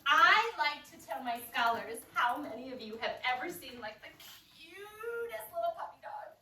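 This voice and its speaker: A woman teaching a phonics lesson to a first grade class, animated and coaxing, modeling each sound slowly. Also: sits high. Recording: roomy, distant, background noise.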